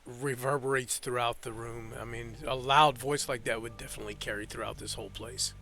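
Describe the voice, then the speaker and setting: A man's voice: medium pitch, fairly even intonation, a little fast, bright, forceful tone, slight background noise. A man narrating as game master of a tabletop game, rambling with fillers and restarts.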